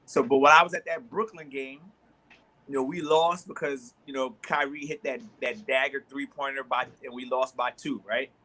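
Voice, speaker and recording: This sports talk co-host has a sharp-toned, medium-pitched voice with fairly even intonation and normal speed. He tells lengthy, animated stories in casual conversation, restarting frequently and voicing both sides of a dispute.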